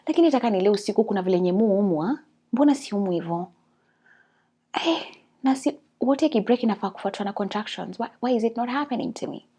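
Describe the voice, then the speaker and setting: Kenyan woman vlogger, lively storyteller, mid-range voice, code-switching chat. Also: mid-range voice, fast, breathy edge. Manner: animated, mixes English and Swahili. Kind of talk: casual storytelling.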